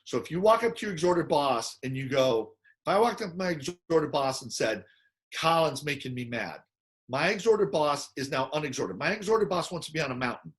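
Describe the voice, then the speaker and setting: A man giving an animated teaching talk, acting out quoted people in loud, excited bursts. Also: on the high side, fast talker, hardly any pauses. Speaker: personality model speaker.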